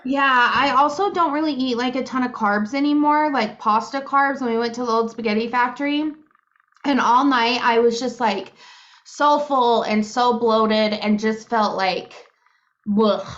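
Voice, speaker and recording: A woman's voice: on the high side, a little slow, fairly bright tone. A woman in her thirties co-hosting a podcast, chatting casually with lots of fillers and giggles. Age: 30s. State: hiccups. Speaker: podcast co-host. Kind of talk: casual chat. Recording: muffled lo-fi podcast audio.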